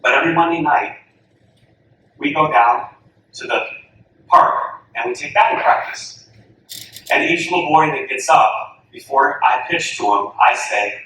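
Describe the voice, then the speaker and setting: A man, a softball coach, tells an animated story to an audience and acts out each voice he quotes. His voice is bright and forceful. He sounds a little far from the mic in a big, echoey hall with faint room noise. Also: mid-range voice, normal speed. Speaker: softball coach giving a talk.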